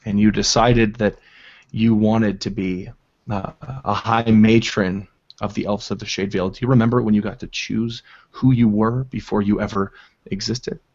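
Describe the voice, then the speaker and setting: A sardonic half-elf with a lowish voice, as a man plays him at the table. He rambles and mocks with a dry edge, on a dull lo-fi recording. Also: little pitch movement, moderate pace, darkish tone.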